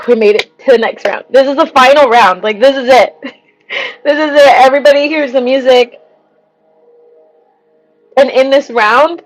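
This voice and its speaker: A woman singer chatting on a livestream, excitable and talkative, laughing often. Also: a little high, poor audio. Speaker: singer livestreaming a vote contest. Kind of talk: casual livestream chat.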